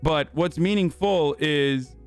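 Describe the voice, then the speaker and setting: A man's voice: on the high side, takes it slowly, clear, resonant tone, soft background music. A man hosting a livestream, giving heated, profane commentary with lots of fillers. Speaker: livestream host.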